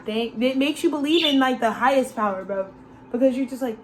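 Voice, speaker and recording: A woman's voice: sits high, moderate pace, a little hiss or hum. A woman giving a casual, channeled tarot reading, slangy and loose, calling listeners bro and laughing often. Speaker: tarot reader.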